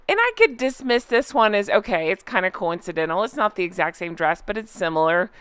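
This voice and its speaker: A woman's voice: mid-range voice, big pitch swings, brisk, fairly bright tone, smooth, no room sound. A woman hosting a casual reaction commentary channel, chatty and amused as she reads out online posts. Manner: chatty, amused, frequently laughing.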